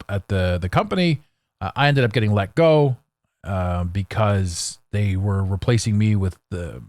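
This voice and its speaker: A man hosting a solo podcast, talking in a blunt, sarcastic, animated way with frequent restarts. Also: lowish voice, no room sound. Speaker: podcast host.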